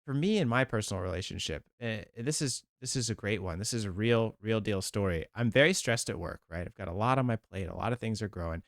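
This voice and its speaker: Male therapist host, low pitch, earnest reaction commentary in a dry room. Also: lively intonation, fast, gravelly, few pauses, no echo. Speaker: therapist hosting a video channel.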